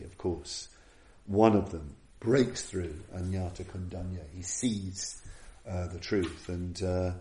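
A man with a low, mellow voice gives a Buddhist dharma talk in an echoey room. He speaks earnestly and reflectively, often circling back to restart a phrase as he tells the story. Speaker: Buddhist teacher.

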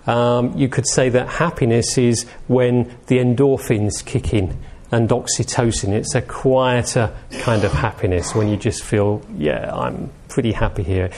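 A man teaches a meditation class in an easy, conversational way. He speaks gently and keeps turning statements into questions for his listeners. His voice sits at an ordinary middle pitch. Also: steady tone, measured pace. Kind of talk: informal dharma talk.

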